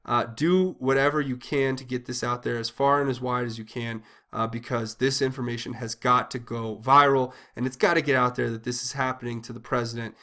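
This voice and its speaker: A man's voice: mid-range voice, steady tone, a little fast, hardly any pauses, sharp tone. A man hosting a political commentary channel, speaking in an agitated, indignant monologue with frequent restarts and repetitions. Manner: agitated, indignant, repeats himself with many restarts.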